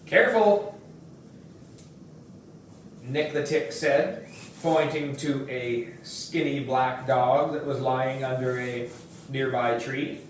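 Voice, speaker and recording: A man slowly reading a children's book aloud at home, recorded from a distance. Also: mid-range voice, flat delivery. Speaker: reader. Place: room at home. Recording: echoey room, far from mic, faint noise.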